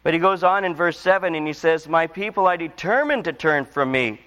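A male preacher with a slightly high voice delivers a sermon in a big echoing hall. He moves from an easy storytelling tone to earnest, pleading cries, then drops to a hush. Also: lively intonation, a little fast. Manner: storytelling, rising to emotional pleas then dropping quiet. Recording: long hall reverb.

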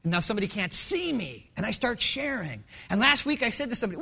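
A passionate middle-aged pastor preaching from the pulpit, his pitch leaping up and down in animated swings. His tone is bright and forceful, and he drops from near shouting to quiet, intimate lines. It is a man's voice, delivering a sermon. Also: quick pace, creaky, husky. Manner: passionate, swings from loud to hushed.

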